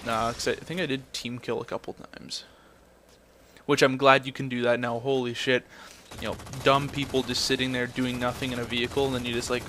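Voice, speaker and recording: A man's voice: mid-range voice, little pitch movement, fairly quick, a bit bright, a little hiss or hum. A young man ranting in a blunt, profane way, telling a story and then commenting on his game footage. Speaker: gameplay commentator.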